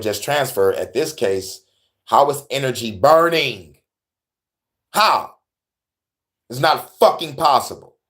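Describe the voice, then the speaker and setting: Profane, laughing young man host. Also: mid-range voice. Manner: animated, laughing, swearing, slangy. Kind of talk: casual profane commentary.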